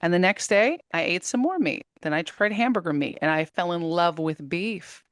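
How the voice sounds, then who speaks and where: Interview guest: woman, 30s, low-pitched, animated storyteller who laughs easily, close dry mic. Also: normal speed, dry recording. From United States. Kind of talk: casual interview talk.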